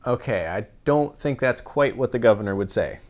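A man delivering a deadpan mock news report as the anchor of a comedy sketch. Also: medium pitch, normal speed.

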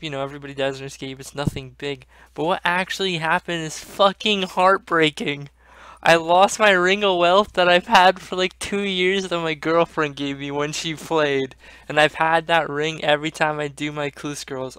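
A young man ranting about a gaming loss, swearing a lot, swinging between loud outbursts and low muttering. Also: clean tone, no room sound. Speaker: gaming vlogger. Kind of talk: venting rant to camera.

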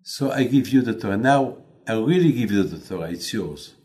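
A man voicing God as a patient, authoritative figure who speaks in calm, lower declarations. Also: a little fast, close to an everyday voice.

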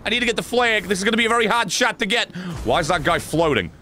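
A man's voice: sits high, animated, fast talker, noisy background. Sarcastic man streaming a game. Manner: sarcastic, mocking banter with the game. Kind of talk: live gameplay commentary.

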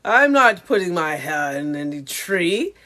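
A woman voicing a snobbish, haughty female avatar who talks with posh, drawn-out airs. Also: lowish voice, big pitch swings, pushed and bright, pitched below the performer's own voice, full character voice.

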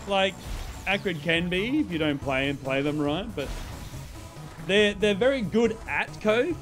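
A young man streaming a video game, chatting casually and excitably, swearing and laughing as he plays. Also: sits high, a little slow, faint music behind. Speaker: gaming streamer. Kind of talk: live gameplay commentary.

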